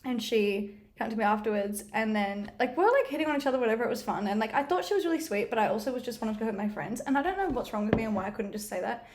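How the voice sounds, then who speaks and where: A woman's voice: fairly high pitch, rapid-fire, a little hiss or hum. A young woman, chatting as a guest and telling stories animatedly, with lots of laughter. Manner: animated storytelling with frequent laughter and "like". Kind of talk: casual chat.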